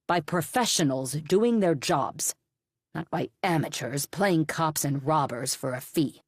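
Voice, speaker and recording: A woman's voice: deep voice, unhurried, slightly rough, no room sound, studio quality. A woman voicing a brusque male police captain in an audiobook, curt and commanding. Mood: stern.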